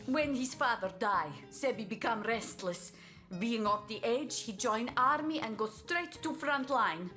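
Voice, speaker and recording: A fiercely loyal, grieving mother from a video game speaks slow, broken English with a thick Italian accent. Her voice sits a little high, and she stops now and then to hunt for words. Soft game music plays behind her. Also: lively intonation. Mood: earnest. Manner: broken English, halting "how you say" asides. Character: middle-aged mother, a grieving, fiercely loyal source hunter.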